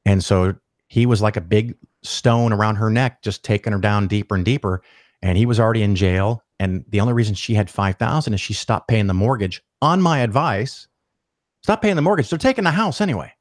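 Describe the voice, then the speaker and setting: A man telling a story as a podcast guest, animated and profane, acting out the people he quotes. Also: fairly low pitch, a little fast, dry recording, clean studio sound. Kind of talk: casual storytelling interview.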